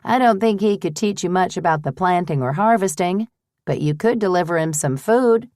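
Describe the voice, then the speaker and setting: A woman voicing a shrewd older woman who runs a boarding house, brisk, firm and teasing. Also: lowish voice, a little mellow, no echo, studio quality, lightly acted. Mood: fond.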